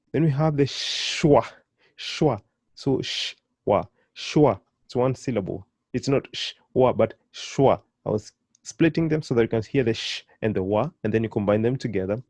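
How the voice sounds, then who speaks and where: A man's voice: mid-range voice, warm tone, dry recording. A man teaching a beginner pronunciation lesson, patient and encouraging, repeating syllables one by one. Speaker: language teacher.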